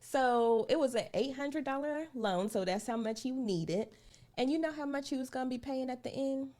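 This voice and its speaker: A woman's voice: high voice, normal speed, warm tone. A woman hosting a personal finance live stream, talking casually and earnestly to her viewers and repeating her points for emphasis. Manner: chatty, addresses viewers directly as "y'all". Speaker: personal finance show host.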